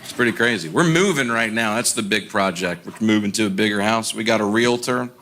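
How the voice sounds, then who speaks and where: A man doing stand-up comedy, telling self-deprecating stories in a deadpan way and acting out other people's lines. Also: on the low side, fairly quick. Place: theater stage with a laughing audience. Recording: live show with audible audience noise.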